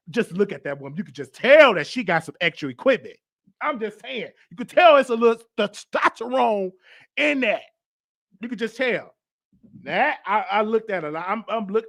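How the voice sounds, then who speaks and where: A man's voice: high voice, a bit bright. A man hosting a live online show, talking casually and emphatically, repeating himself and reading out viewer comments. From United States. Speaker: host.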